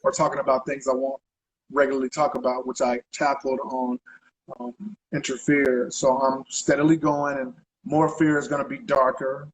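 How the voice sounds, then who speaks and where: A man speaking as a guest in a casual interview, rambling easily from point to point and dropping in casual asides as he goes. His pitch sits in an ordinary middle range, with a faint hiss of noise in the background. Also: flat delivery, moderate pace, rough recording. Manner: loose and rambling, with frequent conversational tags. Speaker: guest artist.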